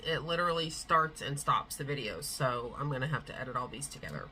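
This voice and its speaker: A woman's voice: extremely low pitch, fairly quick, bright, forceful tone, low-quality recording. Chatty woman vlogging at home. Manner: rambling, chatty, frequent fillers and yawns. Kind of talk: casual vlog chat. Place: at home, indoors. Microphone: camera on a tripod.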